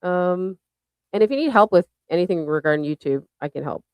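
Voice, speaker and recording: Host: bubbly woman, low-pitched voice, close dry sound, casual stream talk. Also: expressive, fairly quick, darkish tone, smooth, dry recording. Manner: bubbly, thanks viewers by name. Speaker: show host. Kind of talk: casual livestream chat.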